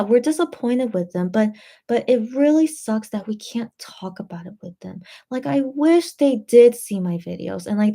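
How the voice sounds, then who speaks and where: This late-night livestream host reads her viewers' comments out loud and talks back to them, rambling with lots of fillers and restarts. Her voice is medium-pitched and mellow, and she comes across as tired and a little tipsy.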